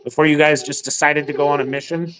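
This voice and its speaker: A man's voice: fairly high pitch, little pitch movement, fast, a bit bright, close to an everyday voice, rough recording. A man voicing a huge, stern jarl who rules a city and talks bluntly and commandingly. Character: huge stern male jarl, a city's ruler.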